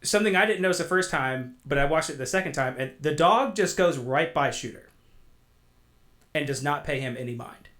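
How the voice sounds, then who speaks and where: A man's voice: fairly high pitch, animated, fairly quick, a bit bright. A man chatting about a film on a podcast, enthusiastic and full of repeated words. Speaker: podcast co-host or guest. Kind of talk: casual movie chat.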